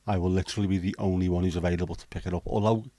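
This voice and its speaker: Low, mellow man chatting casually. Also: steady tone, very fast, no room sound. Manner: chatty, blunt, swears freely. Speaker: livestream host. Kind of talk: casual chat reading out viewer comments.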